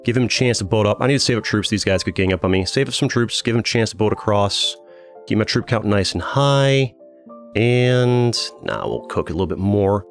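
A man's voice: lowish voice, expressive, fairly quick, faint music behind. A man hosting a gaming channel, giving casual commentary on his own play and thinking aloud with many fillers and restarts.

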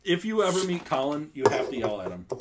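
A man's voice: fairly high pitch, sing-song, fast talker, heavy background noise. A young man hosting a casual podcast chat, rambling with lots of ums and laughs while drinking beer. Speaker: podcast host.

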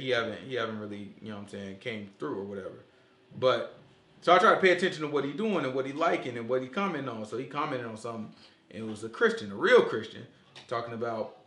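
Animated man preaching in an echoey room. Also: medium pitch. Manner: animated, asks the group questions, repeats "you know what I'm saying". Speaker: teacher leading a Sabbath study. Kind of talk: casual preaching to a small group.

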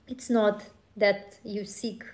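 Slow-talking woman streamer chatting casually. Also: mid-range voice, darkish tone. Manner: rambling, laughing, with acted outbursts. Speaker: live streamer. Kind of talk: casual chat with viewers.

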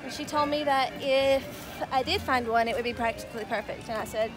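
A woman chatting in a casual vlog, chatty and quick to laugh, in a theme park. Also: sits high. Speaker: vlogger.

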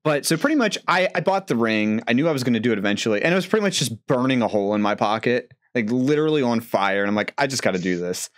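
A man's voice: medium pitch, animated. A man co-hosting a podcast, easygoing and chatting casually about his own story. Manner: easygoing, quick to laugh along. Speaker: podcast co-host. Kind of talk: casual chat.

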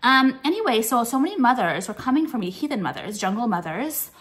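A woman's voice: a little high, sing-song, brisk, a bit bright. A young woman ranting to camera in a swearing, contemptuous tone, hammering points with repeated "okay?" and "like". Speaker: vlogger. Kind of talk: profane ranting monologue.

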